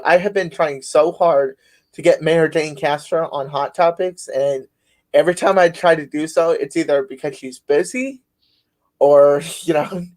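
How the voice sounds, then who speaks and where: A man's voice: fairly high pitch, darkish tone. A man hosting a podcast, telling stories in a rambling casual way with many fillers. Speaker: podcast host. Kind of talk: casual conversation.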